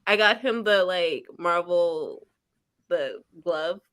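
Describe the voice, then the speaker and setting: A woman's voice: fairly low pitch, expressive, slow pace, fairly bright tone. A woman hosting a casual reading-sprint stream from home, chatting in a rambling way and laughing often. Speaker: livestream host.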